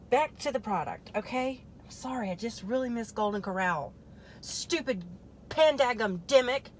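A woman chats loosely to her viewers on a live stream from a parked car, her pitch sitting in an ordinary middle range. She wanders off into jokey tangents and drops into half-whispered muttering while she works something into place. A faint hum stays underneath. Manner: rambling, joking asides to viewers. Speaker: host of a product testing live stream. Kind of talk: casual live-stream chat. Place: parked car in a store parking lot.

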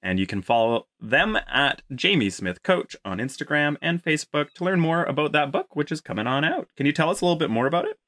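Man, podcast host, playful banter, expressive pitch, crisp bright tone. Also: a little fast, few pauses. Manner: playful, jokey, animated. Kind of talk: comedy podcast chat.

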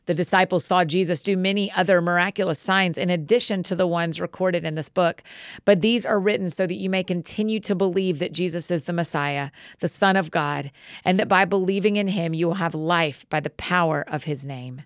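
A woman reads scripture aloud at a steady, measured pace. Her voice is lowish with a noticeable gravelly fry. The sound is close and dry, with no room around it. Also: no room sound. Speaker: podcast host reading scripture. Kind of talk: scripture reading.

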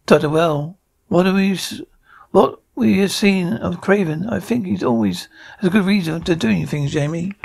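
A man's voice: sits high, normal speed, creaky, darkish tone, husky, exaggerated voice. A man reading the part of an eccentric male traveller in an amateur audio drama, musing with small stumbles. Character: the Doctor, a quick-thinking eccentric male traveller.

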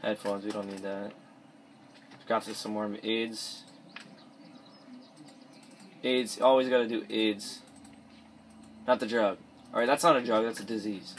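Speaking a little slowly and pausing often, a teenage boy with a lowish, fairly even male voice rambles through let's play commentary from his bedroom. He keeps restarting sentences and mumbling asides as he plays. There's a little hiss or hum from his cheap or device mic.

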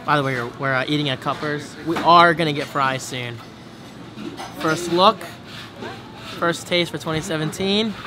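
A man filming a casual vlog at an outdoor boardwalk eatery, playful and excitable as he gushes over the food. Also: fairly high pitch, normal speed, long pauses, background noise. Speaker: vlogger. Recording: busy crowd around.

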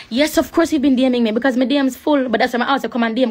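A young woman with a Jamaican accent, livestreaming a rambling, preachy sales pitch for her network marketing business. She repeats herself and slips into patois. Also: very fast, hardly any pauses, darkish tone, soft background music. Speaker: live streamer promoting a network marketing business. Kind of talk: casual live-stream sales pitch.

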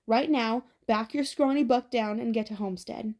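A woman voicing a calm, steady teenage boy who speaks low and even with drawling slang. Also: moderate pace, natural voice. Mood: stern.

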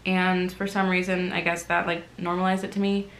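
Young woman, low voice, emotional, slightly teary, candid vlog, echoey room. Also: little pitch movement, moderate pace. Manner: emotional, open, swings from quiet reflection to loud self-mocking. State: teary, recovering from crying. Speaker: vlogger.

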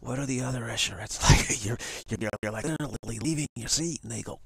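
A man's voice: lowish voice, lively intonation, fast, gravelly, hardly any pauses, a bit bright, husky, dry recording. A man on a live stream, telling a long hypothetical story in a rambling way with many restarts. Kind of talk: storytelling monologue. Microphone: home setup for a live stream.

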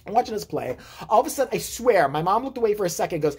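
A man vlogger telling a comedic personal story in an animated, profane, rambling way. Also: sits high, very fast, hardly any pauses, husky.

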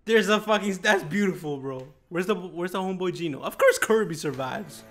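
Excitable young man reacting loudly. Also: sits high, brisk, soft background music. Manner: excitable, profane, laughs and shouts often. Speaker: reaction video host. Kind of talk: gaming reaction commentary.

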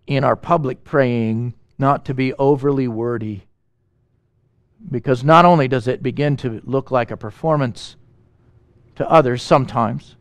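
A man preaching a sermon as pastor, animated and emphatic, asking the congregation questions and making quick asides. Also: medium pitch, no room sound.

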